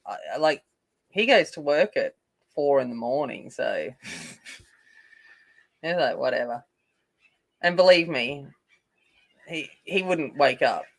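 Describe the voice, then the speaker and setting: A woman's voice: sits low, fairly bright tone. An Australian woman hosting a coloring live stream, chatting casually and rambling while answering viewer comments. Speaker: coloring channel host.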